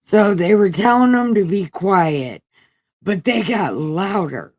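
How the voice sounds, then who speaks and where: A woman's voice: medium pitch, animated, slow, darkish tone, dry recording. A woman hosting a livestream, reading scripture aloud in an irreverent, casual way and breaking off for profane, wisecracking asides. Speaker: livestream host. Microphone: home streaming setup.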